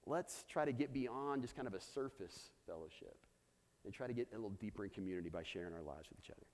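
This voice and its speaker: A man preaching a sermon to his church, telling a personal story and challenging the room. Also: fast. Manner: personal storytelling, animated pitch. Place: church hall. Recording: long hall reverb.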